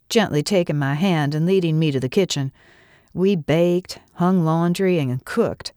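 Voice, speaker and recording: A middle-aged woman narrates a first-person story with an earnest, reflective delivery. Her voice sits on the lower side, and the recording is dry and close. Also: normal speed, mellow, no room sound.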